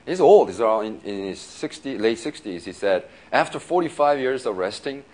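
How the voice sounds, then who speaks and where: A male pastor preaching in a casual, storytelling way, laughing often and filling his talk with "you know" and quick restarts. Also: medium pitch, big pitch swings, darkish tone. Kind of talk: sermon storytelling.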